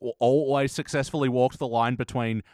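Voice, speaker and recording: Laid-back man, mid pitch, dry. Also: steady tone, a little fast, a little mellow, no room sound. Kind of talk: casual chat.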